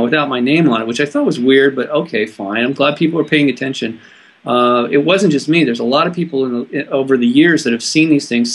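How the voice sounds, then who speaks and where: A man from California, a guest in an interview, telling a personal story in an earnest, halting way with frequent restarts. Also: medium pitch.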